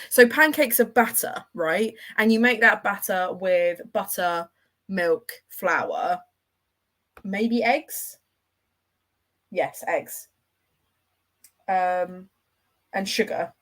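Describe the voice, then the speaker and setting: A woman's voice: mid-range voice, slow, long pauses. A woman hosting a livestream, chatting casually and enthusiastically with her viewers as she rambles from one thought to the next. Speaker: livestream host.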